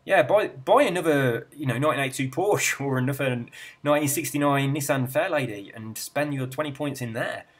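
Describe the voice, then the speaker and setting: A man's voice: medium pitch, a little fast. An Englishman with an English accent, a gaming channel host chatting casually and rambling through viewer comments in a friendly, self-deprecating way. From England.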